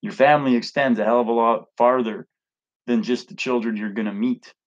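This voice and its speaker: A man's voice: medium pitch, steady tone, brisk, lo-fi sound. A man ranting casually to camera as a vlogger, blunt, profane and rambling.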